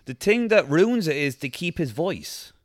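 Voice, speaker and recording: A man's voice: fairly high pitch, very animated, unhurried, no room sound, clean studio sound. A man co-hosting a podcast, reviewing a film in a casual chat with a rambling, jokey delivery full of fillers. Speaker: podcast co-host.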